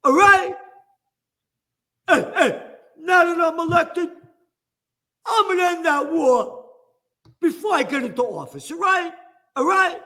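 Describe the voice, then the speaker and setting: A man's voice: very high voice, lively intonation, slow pace, pauses often, bright, forceful tone, pitched above the performer's own voice, full character voice. A man impersonating a boastful male politician who makes brash promises and keeps repeating himself. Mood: mocking.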